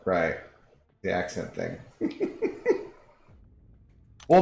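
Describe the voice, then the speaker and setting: A man's voice: medium pitch, roomy sound. A man streaming a video game, chatting casually and jokingly with viewers and reading their messages aloud.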